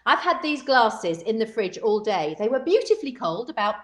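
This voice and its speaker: Lively, giggly woman. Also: fairly high pitch, normal speed. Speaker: co-host of a cocktail livestream. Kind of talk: casual chat. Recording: echoey room.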